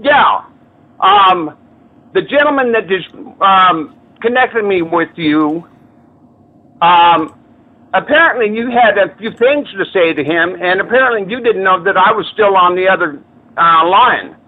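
A man's voice: high voice, expressive, unhurried. A man on a phone call, angry and swearing, threatening to take action over a complaint. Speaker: angry caller.

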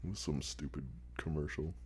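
A man's voice: a bass voice, steady tone, fairly quick, darkish tone, husky. A man chatting casually, telling funny anecdotes, laughing a lot and swearing casually. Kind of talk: casual chat.

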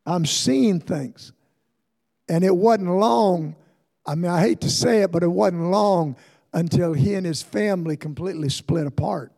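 An older man preaching a sermon as pastor, telling stories and building to fervent shouts. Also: high-pitched, a little slow, gravelly. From Ohio, USA. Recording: long hall reverb.

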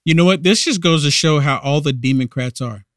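A man's voice: fairly high pitch, brisk, fairly bright tone, dry recording, studio quality. A man hosting a political podcast, giving indignant, emphatic commentary. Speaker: podcast host.

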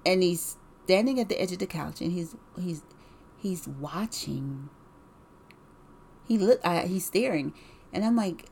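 A woman's voice: lowish voice, lively intonation, unhurried, gravelly, long pauses, darkish tone, slight background noise. A woman telling a personal story in a casual, rambling way, with many fillers, restarts and repeated words.

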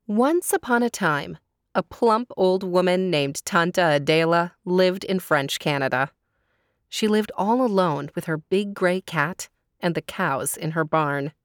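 A woman storyteller narrating a folktale in a clear, measured way. Her voice sits low. The recording is close and dry. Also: no room sound.

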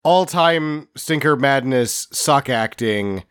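A man's voice: mid-range voice, lively intonation, takes it slowly, a bit bright, clear, resonant tone. A man co-hosting a casual comedy podcast, giving wry, sarcastic comments on a film. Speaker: podcast co-host. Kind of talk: casual comedic movie discussion.

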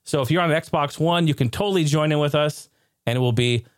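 A man hosting a casual live stream, excitable and ranting one moment, joking the next. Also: on the high side, fairly quick, dry recording, studio quality. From United States. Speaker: streamer and show host.

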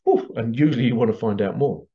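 A man who leads past life regression workshops, telling stories in a chatty, animated way. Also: medium pitch, fast talker. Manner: chatty, animated, laughs often. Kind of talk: casual storytelling promo. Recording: dull lo-fi recording.

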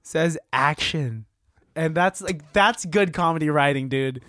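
A man's voice: a little high, unhurried, pushed and bright, no echo, studio quality. A man co-hosting a casual movie talk, laid-back, swearing and acting out lines. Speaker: podcast co-host.

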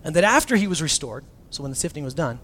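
Male pastor, sermon delivery, a bit higher-pitched, casual jokey preaching, loud then hushed, faint noise behind. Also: fast. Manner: animated, swings from loud to near-whisper, acts out quotes.

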